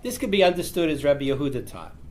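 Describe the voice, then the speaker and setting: A man's voice: fairly high pitch, big pitch swings, fast talker. A rabbi teaching a class, reading out a Talmud passage and explaining it with rhetorical questions to his students. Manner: reads the text aloud, then explains it with rhetorical questions.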